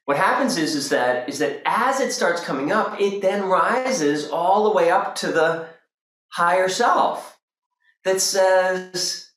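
An animated teacher leads a group workshop, the voice swinging widely as it acts out little scenes. The talk is loose and casual, and it rings in a roomy echo. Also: mid-range voice, measured pace.

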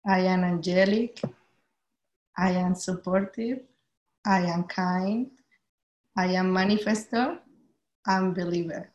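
A woman on a video call gently reading a list of affirmations about herself. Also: fairly low pitch, fairly even intonation, slow, long pauses, reverberant, highs cut off, slight background noise. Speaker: group participant.

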